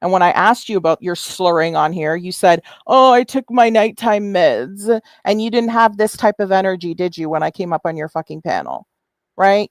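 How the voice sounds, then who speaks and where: A woman's voice: lowish voice, no echo, clean studio sound. A woman hosting a commentary livestream, combative, sarcastic and profane as she answers another streamer. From Canada. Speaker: YouTube commentary host.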